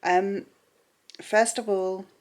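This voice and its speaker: A woman's voice: mid-range voice, fairly even intonation, extremely slow. A woman talking casually as a book vlogger, gushing and chatty with lots of fillers. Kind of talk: casual reading vlog.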